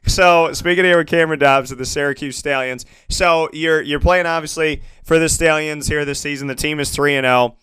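Lively man interviewing a player. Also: a little high, brisk, few pauses, smooth, no echo. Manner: playful, laughs often, mimics coaches. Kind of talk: casual sports interview.

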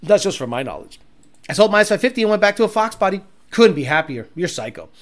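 A man's voice: sits high, very animated, fast talker. A young man rants through a casual livestream, blunt and boastful. He swears freely and talks straight at his chat as host.

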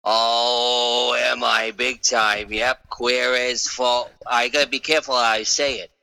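A man's voice: medium pitch, little pitch movement, takes it slowly, vocal fry, pushed and bright, no room sound, full character voice. A man playing a brash, rambling Boston caller with a Boston accent in an improvised comedy bit. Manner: rambling, confidently clueless.

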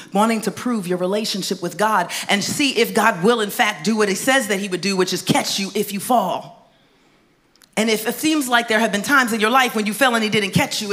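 A woman preaching to a congregation in a mid-pitched voice. She talks to them in a casual, folksy way, then rises into loud, emphatic bursts and drops to near whispers for the tender points. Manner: conversational, folksy asides to the congregation. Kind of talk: sermon. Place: church stage before a congregation.

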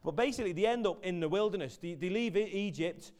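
A man's voice: high voice, fast talker, darkish tone. A man giving a chatty, jokey sermon in a church, telling the story with many restarts. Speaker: preacher. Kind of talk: casual sermon.

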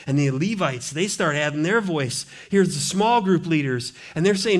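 A male pastor preaching a sermon in a church, with a fairly high voice. He talks conversationally and works in playful asides. He swings from loud emphasis to hushed, intense lines. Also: animated, normal speed, hardly any pauses. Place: church sanctuary.

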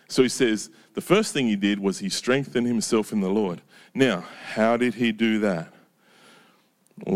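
A male pastor delivers his sermon in a relaxed, chatty way, often stopping to ask his listeners questions. His voice sits at an ordinary male pitch and drops soft and low whenever he reads scripture or pauses to reflect. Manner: conversational, with frequent rhetorical questions ("right?").

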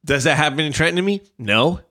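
A man's voice: fairly high pitch, expressive, quick pace, pushed and bright. A man from New Jersey, co-hosting a podcast and ranting heatedly about work, often acting out his coworkers' voices. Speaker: podcast co-host. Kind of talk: casual profane chat.

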